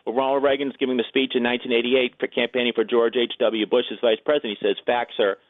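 A man's voice: medium pitch, little pitch movement, narrow, tinny audio. A man, an author and radio guest, eagerly telling political anecdotes and acting out the quotes. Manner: rapid, enthusiastic anecdote telling, acts out quotes. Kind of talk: casual radio interview.

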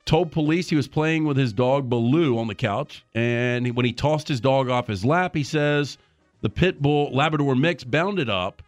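A man's voice: mid-range voice, no echo, faint music behind. Male radio host reading odd news. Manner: reads stories briskly, then jokes around.

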